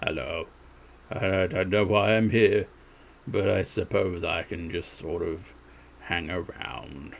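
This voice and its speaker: A man voicing an idle silver golem who drawls low and quietly. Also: steady tone, slow, gravelly, slight background noise, exaggerated voice. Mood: aimless. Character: bored idle male silver golem, aimless.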